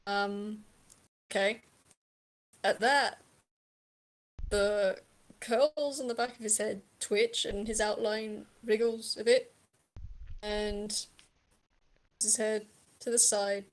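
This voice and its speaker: Slow hesitant woman game master. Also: mid-range voice, steady tone. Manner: hesitant, many ums. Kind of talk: narrating a tabletop game.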